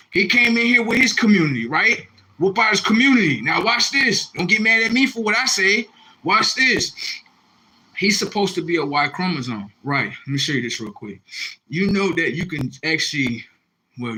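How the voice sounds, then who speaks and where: A young man on a live stream, reacting to viewer comments in a confrontational, repetitive rant with loud outbursts. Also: high voice, slightly rough, rough recording. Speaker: livestreamer.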